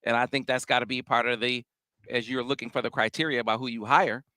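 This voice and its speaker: A man hosting a casual sports talk show, speaking in a measured, analytical way with frequent restarts. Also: medium pitch, steady tone, sharp tone, no echo.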